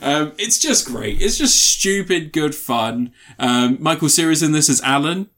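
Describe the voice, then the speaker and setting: A man's voice: a little high, lively intonation, measured pace, a bit bright. A young man co-hosting a podcast, casually and enthusiastically recounting film scenes with lots of fillers. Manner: enthusiastic, rambling scene retellings with many fillers. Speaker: podcast co-host reviewing films. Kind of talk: casual chat.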